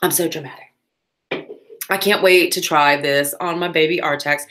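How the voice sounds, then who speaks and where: A woman's voice: deep voice, steady tone, normal speed, a bit bright. A woman, chatting casually on a crafting livestream, with playful asides.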